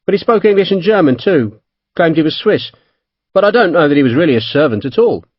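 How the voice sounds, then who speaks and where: A man reading a plain-spoken army officer who answers his superior carefully and respectfully. The voice is a little husky, recorded dry and dull. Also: fairly high pitch, lively intonation, fairly quick, no echo, pitched above the performer's own voice. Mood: guarded. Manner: respectful, careful, says sir. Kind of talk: audiobook character voice.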